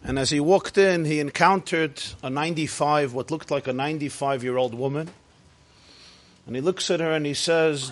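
A fairly high-pitched man teaching a class on Jewish faith. He is emphatic and stacks repeated phrases as he lectures to the room. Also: normal speed. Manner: emphatic, repetitive, builds phrase on phrase.

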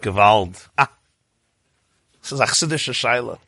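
A man teaching a sermon, telling stories in an animated way that climbs to emotional peaks. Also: mid-range voice, measured pace, noisy background. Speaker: rabbi.

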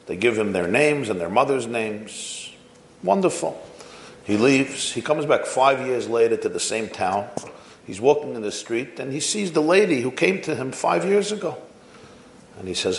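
A man preaching to educators, telling anecdotes in a lively storytelling manner. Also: mid-range voice, moderate pace, reverberant, slight background noise. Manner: storytelling, varied pace. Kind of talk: sermon with anecdotes.

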